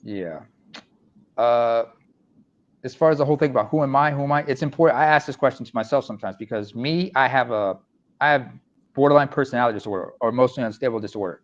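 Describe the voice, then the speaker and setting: A man's voice: medium pitch, quick pace. A man speaking earnestly and reflectively in a casual online discussion, telling personal stories. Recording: dull lo-fi mic.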